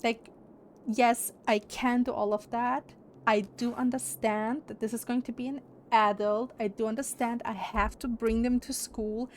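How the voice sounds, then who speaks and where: A woman's voice: on the high side, fairly even intonation, measured pace, slight background noise. A young woman streamer chatting casually and candidly, opinionated and swearing freely. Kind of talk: casual livestream chat.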